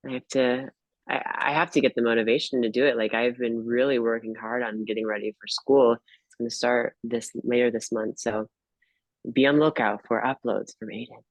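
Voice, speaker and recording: A man's voice: mid-range voice, steady tone, moderate pace, dry recording, low-quality recording. A young man, a guest tarot reader, chatting casually and hesitantly, full of fillers and restarts. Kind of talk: casual chat.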